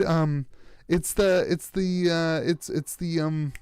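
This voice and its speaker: A man's voice: fairly high pitch, fairly even intonation, takes it slowly, a little mellow, clean tone, dry recording. An American man streaming live as he opens card packs, rambling with sarcastic, self-mocking banter.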